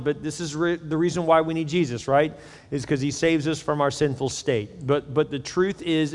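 A middle-aged man preaching a sermon as a pastor, in a candid, conversational, joking manner. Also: fairly high pitch. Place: church auditorium. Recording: echoey hall.

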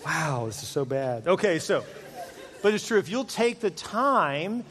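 A man's voice: fairly high pitch, very animated, a little slow, fairly bright tone. A middle-aged man preaching a sermon to a large church congregation, casual and joking in tone. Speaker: pastor. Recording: long hall reverb.

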